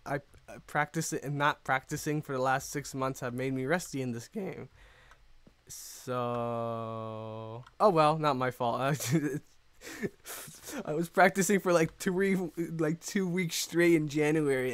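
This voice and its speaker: A young man with a slightly high voice gives casual gameplay commentary. He rambles along and pities himself, with bursts of mock outrage. The mic sits close and the sound is dry. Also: no room sound. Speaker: YouTuber playing and commenting on his own game.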